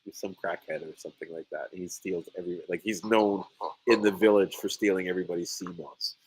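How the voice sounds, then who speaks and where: A man's voice: sits low, a little fast, slightly rough, no echo, poor audio. A man in casual storytelling mode, full of energy, his voice jumping up sharply whenever he acts out what someone said. He laughs a lot as he talks. The sound is dry and close. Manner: animated storyteller, voices quotes loudly, laughs often. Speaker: sea moss farmer and podcast host.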